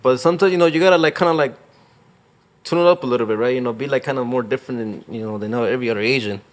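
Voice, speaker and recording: A man's voice: mid-range voice, very fast. A young man, a real estate agent, talking casually in an interview, rambling with lots of fillers and slang. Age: young adult.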